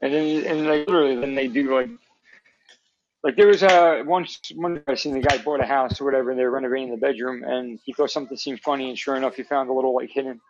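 A man's voice: medium pitch, fairly even intonation, fast talker. Man, casual rambling podcast co-host, curses a lot, dull lo-fi audio. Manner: rambling, many restarts and fillers, swears freely. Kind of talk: casual chat. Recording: dull lo-fi sound.

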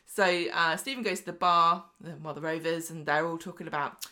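Woman podcast co-host, chatty storyteller, slightly low voice. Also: fairly even intonation, a little fast, hardly any pauses, pushed and bright. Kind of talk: casual chat recapping a soap.

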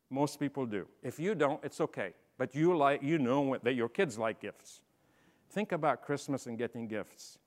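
A middle-aged man giving a motivational leadership talk, telling stories and swinging from quiet asides to loud, emphatic bursts. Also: medium pitch. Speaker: speaker. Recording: long hall reverb.

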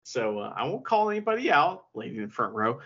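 A man co-hosting a podcast, chatting casually and profanely, retelling events with lively quoted asides. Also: medium pitch, fast, slightly rough, muffled recording. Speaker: podcast co-host. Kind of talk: casual chat recapping wrestling.

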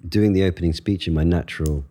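A man, an actor, giving thoughtful, expressive answers in an interview, speaking in quick bursts between pauses. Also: low-pitched. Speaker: actor and guest.

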